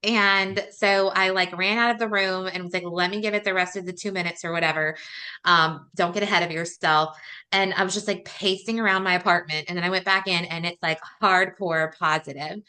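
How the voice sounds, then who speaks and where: Bright, chatty woman. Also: lowish voice, brisk. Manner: chatty, animated, many "like" fillers and laughs. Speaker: podcast host. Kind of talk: casual storytelling chat.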